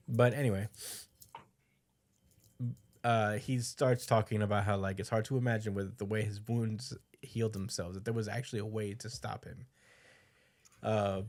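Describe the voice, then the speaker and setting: Casual man rambling through a recap. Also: lowish voice. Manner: rambling, many fillers, acts out quotes. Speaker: podcast co-host.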